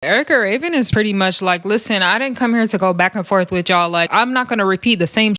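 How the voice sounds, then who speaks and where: A woman giving a casual, animated recap of a reality show, laughing often and acting out quotes in character. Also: mid-range voice, fast, no echo. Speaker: commentary host.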